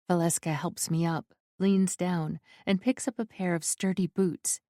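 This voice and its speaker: A woman narrating a first-person romance audiobook in an intimate, unhurried storytelling manner. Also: lowish voice, steady tone, mellow, no echo, studio quality.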